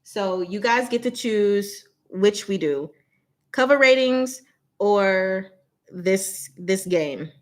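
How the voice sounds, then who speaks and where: A young woman hosting a casual livestream, chatting with viewers, speaking slowly and deliberately and laughing often. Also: mid-range voice, expressive. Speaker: channel host.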